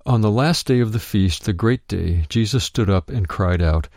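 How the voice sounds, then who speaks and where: A man narrating a written Bible teaching, reading it out in a measured way and calling out verse references. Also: lowish voice, darkish tone, dry recording, studio quality.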